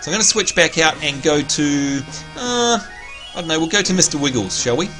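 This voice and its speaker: Excitable Australian man streaming a game. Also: a little fast. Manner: excitable, jumps into high squeals of delight. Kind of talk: live gameplay commentary. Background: faint game music.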